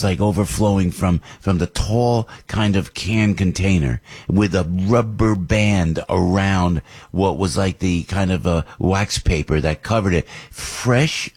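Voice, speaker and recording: An older man, hosting a talk radio show in an animated, rambling way with big jumps up in pitch. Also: husky. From New Jersey. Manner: rambling and nostalgic.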